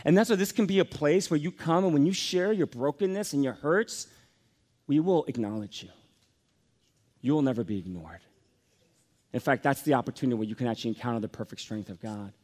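A man in his forties preaching a sermon as a pastor. His delivery is emphatic, dropping to soft lows and then climbing to energetic peaks. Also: quick pace.

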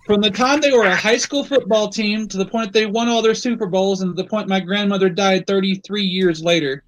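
A man's voice: sits high, fairly quick, low-quality recording. A man being interviewed about his embroidery work, talking casually and telling stories with lots of "you know". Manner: relaxed storyteller with frequent "you know". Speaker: guest embroiderer.

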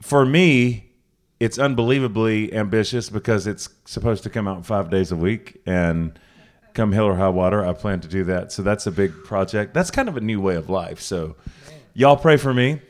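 A man's voice: on the low side, moderate pace. Rambling man hosting a house show. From Charlotte, North Carolina. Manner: rambling, self-interrupting, jokey. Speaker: podcast host. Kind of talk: casual live talk at a house concert. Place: living room house show with a small audience.

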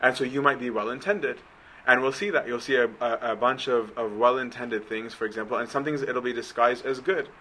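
A man's voice: mid-range voice, brisk, bright, forceful tone, a little hiss or hum, low-quality recording. A man giving a conversational sermon, often checking in with his listeners. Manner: conversational, keeps asking right?. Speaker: preacher.

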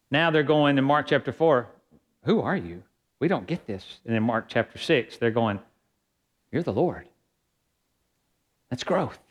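Higher-voiced man preaching a sermon. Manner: preaching with rising emphasis and quoted scripture. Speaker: pastor.

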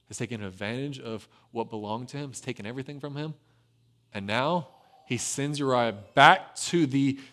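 A man preaching a sermon and retelling a scripture story, swinging between lively emphasis and hushed, low passages. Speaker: pastor.

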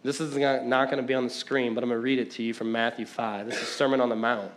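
A middle-aged man from the American Midwest preaching a sermon in a church hall, fast and conversational, often repeating his words as he talks. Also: medium pitch, little pitch movement, slight background noise. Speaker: pastor.

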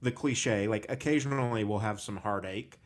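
A man's voice: on the low side, normal speed. A man hosting a podcast, talking frankly and casually about personal struggles and swearing freely. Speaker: podcast host. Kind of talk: candid conversational podcast talk.

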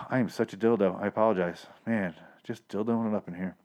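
A man's voice: fairly low pitch, steady tone, fairly quick, darkish tone. A man hosting a podcast, recapping a TV episode in a rambling, sarcastic, profane monologue full of self-corrections. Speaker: podcast host reviewing a TV episode. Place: Los Angeles.

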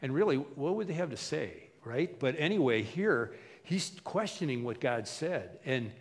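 A male pastor delivers a sermon at a measured pace in an ordinary male pitch, preaching casually and with animation. He slips into little voices for the people he quotes, and a long reverb trails his words through a large hall.

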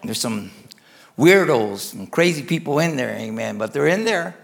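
A man who is a pastor, telling a story in a sermon in an animated way, acting out the scenes as he goes. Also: medium pitch, normal speed, vocal fry.

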